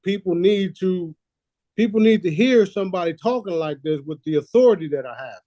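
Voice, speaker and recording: A man's voice: high-pitched, animated, a little fast, dark tone, no room sound. Boastful preachy man, dry close sound. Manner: boastful, preachy, swears freely; laughs at his own lines. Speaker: host. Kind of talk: casual conspiracy talk.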